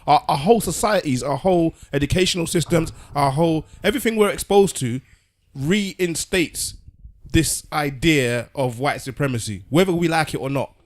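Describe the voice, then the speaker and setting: A man's voice: on the high side, normal speed. A man, a podcast co-host making an earnest argument in casual discussion. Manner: earnest, argumentative, restarts words.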